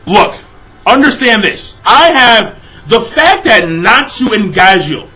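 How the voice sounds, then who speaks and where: A young man gives a casual, exasperated review of a manga chapter, cursing constantly and filling gaps with fillers. His high-sitting voice is sing-song, bright and forceful, moving at a slow pace. Soft background music plays under a low-quality recording.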